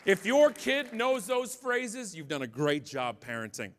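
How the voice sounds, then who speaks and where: A Canadian man giving a comedic keynote talk, telling a story with animated, mock-angry outbursts in a large conference hall. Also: high-pitched, measured pace, a faint crowd. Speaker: keynote speaker.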